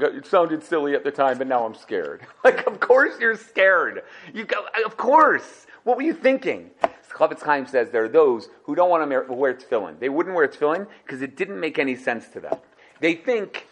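A young man giving a scornful, sarcastic religious talk, swinging from loud outbursts to hushed asides. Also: on the high side. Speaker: Torah speaker.

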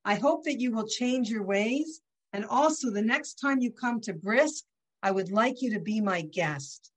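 Woman voicing a gentle old rabbi, low soft voice, firm and kind, told as a story. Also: expressive, unhurried. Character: revered elderly male rabbi, gentle and firm.

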